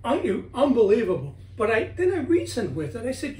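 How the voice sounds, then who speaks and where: A man's voice: very high-pitched, moderate pace. A middle-aged man, a guest author talking at home in a casual interview, animatedly telling stories and acting out what he said. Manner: animated storyteller, acts out his own words. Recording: roomy, from a distance, faint ambience.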